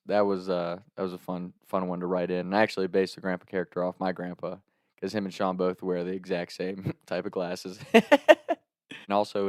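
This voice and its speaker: A man telling a comic story on his vlog, animated and profane, laughing between lines, and turning earnest when he thanks his viewers. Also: low voice, clear, resonant tone, no echo, clean studio sound. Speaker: storyteller and content creator.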